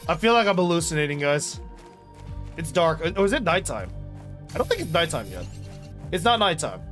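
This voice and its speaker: A young man streaming a video game, rambling loudly to chat, swearing and bursting into yells. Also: fairly high pitch, sing-song, normal speed, soft background music. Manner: loud, rambling and profane, bursts into yelling. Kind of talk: casual live-stream chat while gaming.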